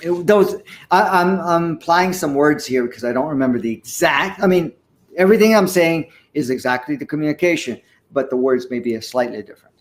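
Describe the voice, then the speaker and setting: An older man in his sixties recounts a personal experience in conversation. His voice sits a little high for a man, and he talks in an earnest, animated way, breaking into the odd chuckle. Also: a little fast. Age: 60s. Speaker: guest. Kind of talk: conversational storytelling.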